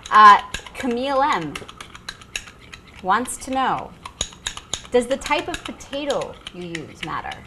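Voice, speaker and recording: A woman's voice: a little high, very animated, slow, pauses often, background noise. A woman co-hosting a live cooking show, reading out audience questions briefly. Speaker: co-host reading viewer questions.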